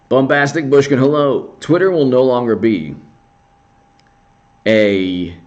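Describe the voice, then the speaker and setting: A man's voice: medium pitch, lo-fi sound. A man giving rambling, sarcastic political commentary on a casual livestream, often restarting his sentences.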